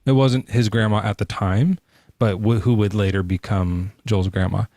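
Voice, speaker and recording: A male podcast co-host in a casual live chat, crude and joking, with an animated delivery. His voice sits fairly low, and the sound is dry and close. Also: moderate pace, no echo.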